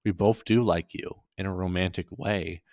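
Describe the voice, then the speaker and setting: A man voicing a caring, gently firm young woman as he reads a story aloud in a soft, earnest way. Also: low voice, fairly even intonation, moderate pace, vocal fry, dry recording. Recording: dull dry lo-fi recording.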